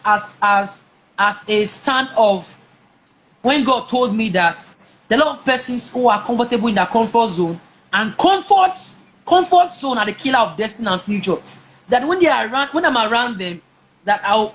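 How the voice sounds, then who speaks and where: A woman whose voice is on the high side and a bit bright relates her personal story as a guest. She talks with emphasis and often repeats words and restarts, against slight background noise.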